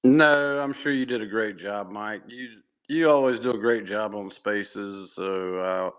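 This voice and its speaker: A man's voice: fairly low pitch, unhurried, fairly bright tone, clean tone, muffled recording. A man chatting casually on a live audio space, supportive and stumbling over his words. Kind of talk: casual chat.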